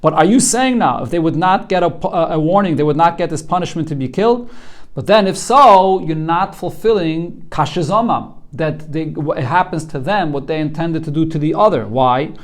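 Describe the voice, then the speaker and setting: A man's voice: fairly high pitch, lively intonation, normal speed. A man, a rabbi, teaching a Talmud class, walking students through the text line by line in an earnest way, often repeating a word as he starts a thought.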